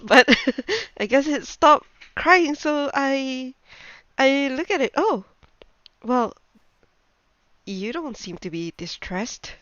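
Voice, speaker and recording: A woman's voice: sits high, expressive, slow, pauses often, a bit bright, no echo, highs cut off. A woman playing her character in a tabletop role-playing game, chatting and laughing often. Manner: giggly, chatty, hesitant. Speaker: player.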